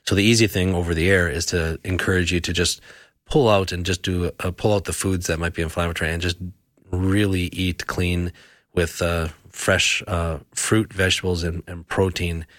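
Low-voiced man explaining health, halting. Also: level tone, fairly bright tone, no echo, studio quality. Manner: halting, many fillers and restarts, explanatory. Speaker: health practitioner answering listener questions. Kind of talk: radio health talk show.

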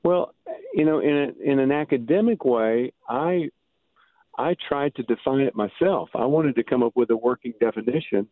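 A man who is an author and Bible scholar explains things as an interview guest in a mid-range voice. His delivery is halting, full of restarts and fillers. The sound is dry and tinny, like a phone line.

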